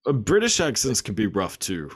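A man's voice: fairly low pitch, huge pitch swings, moderate pace, slightly rough. A man hosting a podcast in casual chat, laughing often, swearing and rambling with many fillers. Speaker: podcast host.

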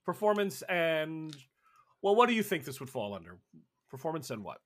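A man's voice: a little high, big pitch swings, moderate pace, a bit bright, dry recording, studio quality. A man running a tabletop role-playing game, narrating casually with lots of fillers and restarts. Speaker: game master.

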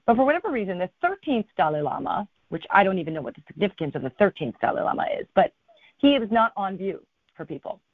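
A woman telling a long travel story as an interview guest, her telling lively, with people's words acted out. The sound is thin and phone-like, with no room echo at all. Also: mid-range voice, quick pace. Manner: animated storyteller, acts out quotes. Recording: thin phone-like line, dry.

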